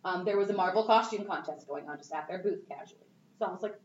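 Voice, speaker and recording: A young woman telling a story in a bubbly, animated way, full of "like"s. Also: medium pitch, fast talker. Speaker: cosplayer guest. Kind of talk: casual storytelling. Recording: echoey, dull, distant mic with faint noise.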